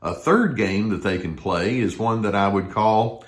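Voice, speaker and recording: An older man, a therapist, talking to camera in a conversational way and acting out quoted lines in a higher voice. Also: unhurried. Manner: conversational, acts out quoted voices with rising pitch. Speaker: therapist giving a talk. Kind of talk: explanatory talk to camera.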